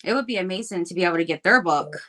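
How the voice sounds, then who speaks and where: A woman's voice: fairly low pitch, lively intonation, racing, fairly bright tone. A woman hosting a live craft stream, chatting in an upbeat way with lots of fillers while she shapes clay. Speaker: craft livestream host.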